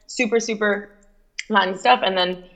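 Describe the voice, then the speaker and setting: A young adult woman from Miami with a Miami accent, telling stories in casual chat, animated, full of fillers and quoted voices. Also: mid-range voice, normal speed. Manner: chatty, animated storytelling with many likes and quoted voices. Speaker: guest.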